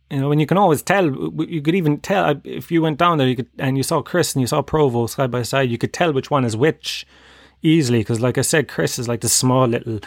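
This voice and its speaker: A man's voice: medium pitch, creaky, no echo. Rambling Kerry Irish man, dry sound. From Ireland (Tralee, Kerry). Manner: rambling, sweary, laughing at his own jokes. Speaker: podcast host. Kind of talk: comic monologue.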